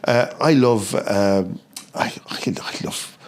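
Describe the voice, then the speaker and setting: A middle-aged Irish man chatting as a podcast guest, starting and restarting phrases, and lively when he acts out what others said. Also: lowish voice. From Ireland. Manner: halting, repeats words, animated when quoting others. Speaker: podcast guest, chip shop co-founder. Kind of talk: casual interview storytelling.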